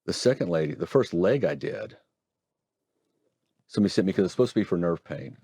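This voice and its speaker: A middle-aged man from Oregon, a hand surgeon telling stories and explaining procedures in a folksy, animated interview manner. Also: low voice, fairly quick, husky. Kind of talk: conversational interview storytelling.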